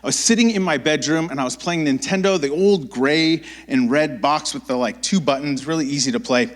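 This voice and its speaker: A man in his thirties preaching in a church, telling a childhood story with lively acted-out voices and frequent restarts. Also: on the high side, a little fast. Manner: animated, acts out quoted voices, many restarts. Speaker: pastor. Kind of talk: storytelling sermon.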